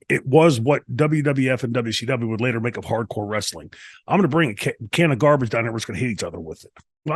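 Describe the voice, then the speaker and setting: Husky man telling rambling stories. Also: medium pitch, no echo. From United States. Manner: rambling, animated storyteller with many restarts. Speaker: interview guest, former wrestler. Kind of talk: casual shoot interview storytelling.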